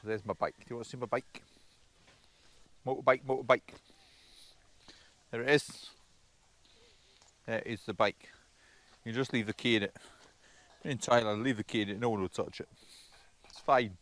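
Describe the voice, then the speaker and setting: A man's voice: on the low side, steady tone, fairly quick, fairly bright tone. A man, a travel vlogger, chatting casually as he walks around a roadside café. He rambles, stumbles and repeats words. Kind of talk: casual walkaround narration. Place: roadside café, partly outdoors.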